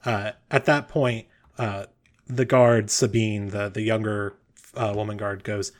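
A man narrating a tabletop game as game master, relaxed and a little hesitant. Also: lowish voice, unhurried.

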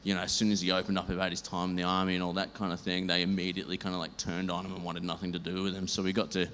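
A man sharing a church testimony, rambling and lively, acting out the dialogue. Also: low-pitched, racing. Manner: rambling, animated, acts out dialogue. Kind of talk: storytelling testimony. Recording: reverberant hall, faint noise.

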